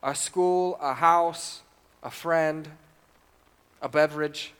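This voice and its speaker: A man's voice: a little high, steady tone, slow pace, a bit bright, smooth. A man preaching a sermon, reading scripture aloud and putting questions to the congregation.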